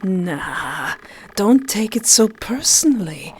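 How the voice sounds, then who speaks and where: A woman voicing a mocking, manipulative male angelic being who talks in a slow, smug, taunting way. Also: medium pitch, sing-song, darkish tone, a little hiss or hum, poor audio. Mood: coaxing.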